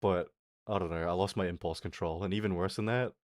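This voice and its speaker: A man's voice: low voice, steady tone, fast talker, dry recording, clean studio sound. A man streaming live, bantering crudely and mocking himself, laughing often and answering viewers' comments. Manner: chats back to viewers' comments. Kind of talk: casual live-stream chat.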